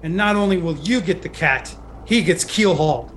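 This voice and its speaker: A man's voice: fairly high pitch, moderate pace, fairly bright tone, a little hiss or hum, close to an everyday voice. Man voicing a harsh female ship captain. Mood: stern. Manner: clipped barked orders.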